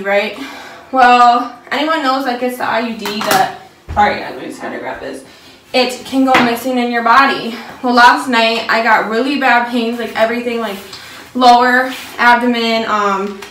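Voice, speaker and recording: A woman's voice: a little high, fairly bright tone, reverberant, a little hiss or hum. A young woman talking casually to her phone camera at home, chatty and upbeat, with lots of fillers. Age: young adult. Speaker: vlogger, young mother. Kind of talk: casual vlog chat. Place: home indoors.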